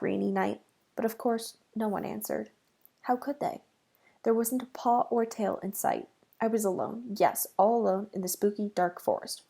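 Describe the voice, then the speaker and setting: A woman reading a children's book aloud in the first person, expressive and dramatic. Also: mid-range voice, normal speed, vocal fry, husky. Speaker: reader.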